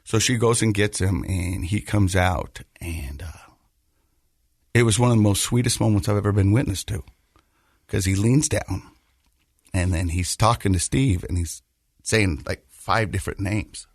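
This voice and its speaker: A male podcast host telling a personal story in casual conversation, haltingly, often repeating words as he goes. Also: on the low side, gravelly, no echo, clean studio sound. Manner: halting, repeats words while telling, laughs through lighter moments.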